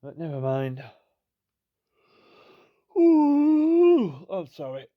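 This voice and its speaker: A man's voice: fairly low pitch, measured pace, no echo, narrow, tinny audio. A tired man giving rambling, self-deprecating commentary on a football management game. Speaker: gaming YouTuber. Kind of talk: casual gameplay commentary.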